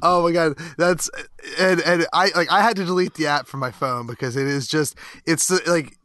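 Bright, halting male podcast host. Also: fairly high pitch, no echo. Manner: halting, many restarts and quick agreements. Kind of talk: casual interview chat.

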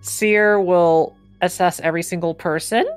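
Low-voiced woman playing a tabletop game. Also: fairly even intonation, unhurried, clear, resonant tone, faint music behind. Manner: casual, hesitant, many "like"s. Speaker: player. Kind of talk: casual tabletop play.

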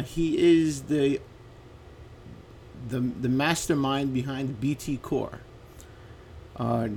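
A man's voice: mid-range voice, slight background noise. A man hosting an internet radio interview, chatty and enthusiastic, often repeating words as he goes. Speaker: radio show host.

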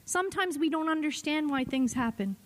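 A middle-aged woman pastor preaches with passion, sometimes falling to a hush and then climbing up high. Her voice sits high, and a long reverb from the church sanctuary trails each phrase. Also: animated, fairly quick. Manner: impassioned preaching, voice swinging between hushed and rising. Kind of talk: sermon.

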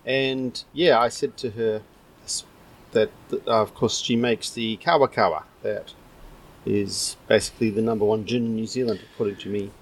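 A man's voice: on the low side, steady tone, moderate pace, poor audio. A man co-hosting a casual podcast, joking and telling rambling stories. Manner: jokey, rambling storytelling. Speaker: podcast co-host. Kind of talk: casual chat.

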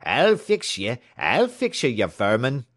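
A man's voice: medium pitch, wildly swooping pitch, measured pace, fairly bright tone, dry recording, clean studio sound, pitched above the performer's own voice, full character voice. A man voicing a big, angry laborer. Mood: raging. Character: big angry Irish laborer with a pick handle.

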